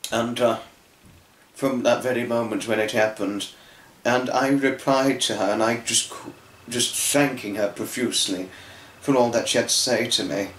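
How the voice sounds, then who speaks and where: A man's voice: medium pitch, steady tone, moderate pace, a bit bright, roomy sound, slight background noise, rough recording. A young man talking earnestly and tearfully in a rambling personal vlog, with many restarts. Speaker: fan vlogger.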